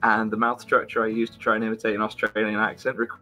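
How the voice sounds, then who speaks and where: Blunt, low-voiced male panelist. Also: completely flat delivery, fast, bright, forceful tone, soft background music. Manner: blunt, swears, hesitant restarts. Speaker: panel guest. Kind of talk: casual online chat.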